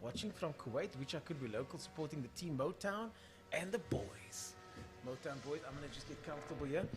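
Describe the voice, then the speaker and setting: A man's voice: a little high, animated, a little fast. A young man with a South African accent hosting a casual live stream of drag racing, calling the races and chatting through viewer comments.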